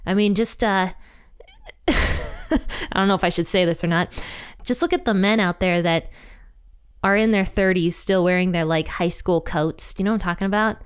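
A woman's voice: lowish voice, lively intonation, moderate pace, long pauses, clear, resonant tone. Chatty, blunt woman retelling a Bible story. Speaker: podcast host teaching the Bible.

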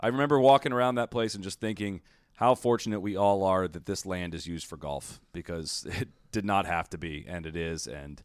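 Here a man with a low, clear, resonant voice co-hosts a golf podcast, recorded in a clean studio with no room sound. Opinionated and chatty, he speaks in rapid bursts loaded with fillers.

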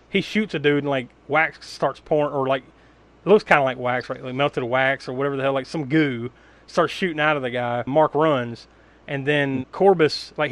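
A man recaps a film for his podcast co-hosts in a loose, rambling way. He laughs often and swears casually, and his voice sits a little higher than most men's. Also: a bit bright. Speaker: podcast co-host. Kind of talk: casual movie recap chat.

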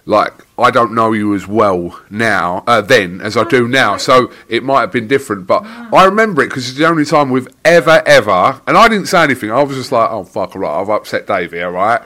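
A man's voice: mid-range voice, expressive, fairly quick, hardly any pauses, bright, forceful tone. A man hosting a podcast, telling a story in casual chat with banter and swearing. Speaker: podcast host.

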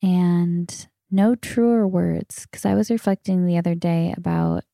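A woman's voice: fairly low pitch, a little slow, vocal fry, mellow, no echo, studio quality. A woman in her thirties hosting a solo podcast, answering listener questions in a frank, candid way, swearing casually. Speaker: podcast host.

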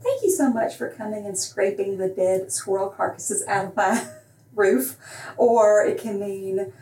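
A woman's voice: medium pitch, a little slow, mellow, roomy sound, far from the mic, slight background noise, rough recording. A woman with a Southern US accent, an author talking in an interview with wry humor and frequent laughs. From Alabama, US. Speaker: author guest. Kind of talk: interview conversation.

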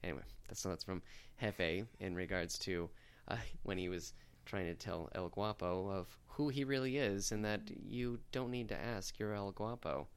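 A man co-hosting a podcast in casual chat, talkative and quick to laugh. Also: low-pitched, fairly even intonation, clear, resonant tone. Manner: chatty, laughs easily. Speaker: podcast co-host.

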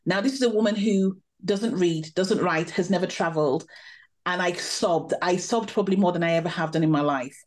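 Animated woman telling a story. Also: on the low side, brisk. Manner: animated, vivid storytelling with laughs. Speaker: podcast guest. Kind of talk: storytelling interview.

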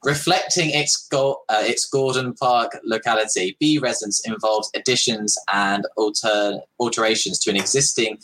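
Easygoing co-host, low husky voice, casual reads. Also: male voice, steady tone, normal speed, hardly any pauses, bright, forceful tone, rough recording. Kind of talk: casual livestream chat.

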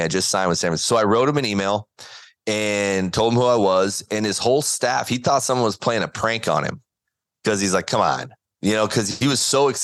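A man's voice: lowish voice, a bit bright, no room sound. A man, a guest on an interview podcast, telling a story earnestly and acting out the quotes. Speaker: guest, former baseball pitcher. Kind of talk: conversational interview.

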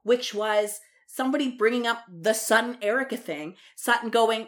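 A woman's voice: on the high side, a little slow, a bit bright. A woman co-hosting a casual chat, heated and swearing freely as she recaps and acts out what others said. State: worked up from iced coffee. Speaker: podcast co-host.

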